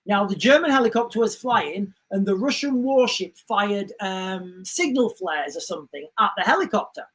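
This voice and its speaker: A man's voice: sits high, normal speed. Male livestream host, chatty, rambling, reads out comments. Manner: rambling, restarts often, animated asides. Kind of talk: casual livestream chat reading comments.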